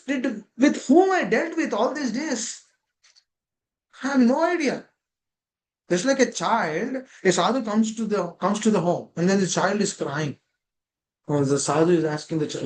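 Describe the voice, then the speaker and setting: A man's voice: high-pitched, animated, moderate pace, slight background noise, low-quality recording. A man gives a devotional scripture class over a video call. He keeps asking rhetorical questions and linking ideas with "that means.".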